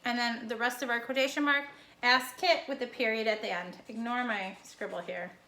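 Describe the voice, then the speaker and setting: A woman's voice: fairly high pitch, steady tone, moderate pace, bright, forceful tone. A young woman teacher recording a casual home lesson for her students, explaining each step in a chatty way.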